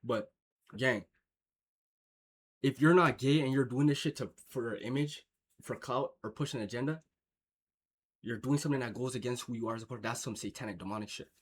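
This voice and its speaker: With a husky, medium-pitched voice, this young man from Jamaica reacts to a clip on stream at a fairly quick clip broken by long pauses. He rambles casually, swearing and leaning on slang and filler.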